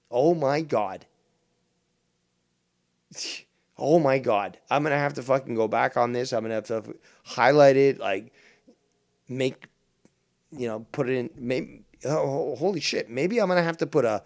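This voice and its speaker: Stream host, male, gravelly, profane, swings wildly in pitch between deadpan and mock panic. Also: a little slow, dry recording, studio quality. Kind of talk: casual livestream commentary.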